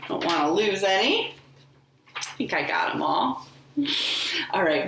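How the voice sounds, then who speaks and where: A children's librarian reads a picture book aloud to young children, taking her time and staying gentle. Her pitch rises and falls freely, and the room around her voice is echoey. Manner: slow, gentle and expressive. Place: home living room.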